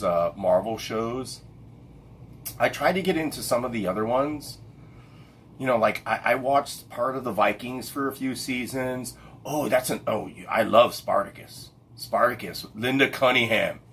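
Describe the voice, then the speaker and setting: In this clip a middle-aged man runs a laid-back late-night livestream, wandering off track and halting to recall names while filling gaps with fillers and restarts. His mid-range voice has a bit of brightness, and there's a little hiss or hum.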